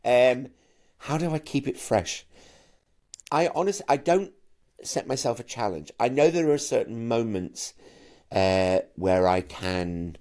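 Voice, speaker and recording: A middle-aged man from Manchester, a camp and animated actor and singer who often stammers into his sentences while chatting as an interview guest. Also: on the low side. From Manchester, England. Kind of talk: casual interview chat.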